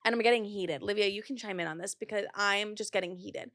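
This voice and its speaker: A woman's voice: medium pitch, fast, fairly bright tone, no echo, studio quality. A young woman hosting a podcast in casual chat, swearing freely and filling her talk with "like". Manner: chatty, swears a lot, says "like" often. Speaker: podcast host.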